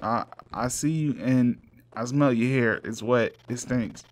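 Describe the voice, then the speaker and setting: A man's voice: medium pitch, measured pace, close to an everyday voice. A man voicing a boastful, swaggering male dragon who talks in laid-back slang. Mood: mocking. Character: swaggering rich male dragon in gold armor.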